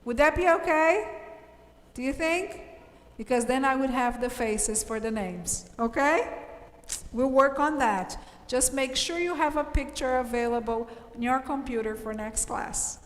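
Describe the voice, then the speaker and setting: A woman English teacher patiently explains grammar to her class, checking often that everyone follows with frequent "okay?". Her voice is high-pitched and a little slow. The room sound is roomy and reverberant.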